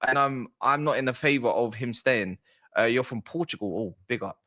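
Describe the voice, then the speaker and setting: A man's voice: medium pitch, moderate pace. Chatty man hosting a football stream. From South East London. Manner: chatty, shouts out viewers, reads chat aloud. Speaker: football livestream host. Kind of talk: casual livestream chat.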